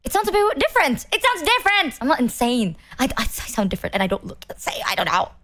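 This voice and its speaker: Young woman streamer, casual and animated storyteller, somewhat high voice. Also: quick pace, hardly any pauses. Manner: animated storytelling with lots of fillers. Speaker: VTuber streamer. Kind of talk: casual chat.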